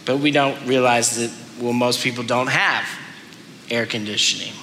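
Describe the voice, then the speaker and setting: Male preacher, bright tone, earnest and self-deprecating, recorded in a reverberant hall. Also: medium pitch, fairly even intonation, normal speed, slight background noise. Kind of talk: sermon clip. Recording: roomy hall with faint ambience.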